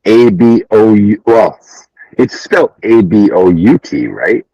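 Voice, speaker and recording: A man's voice: on the low side, lively intonation, a little slow, dark tone, breathy edge, dull audio. A Canadian man in a casual conversation, explaining things patiently and laughing often. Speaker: host.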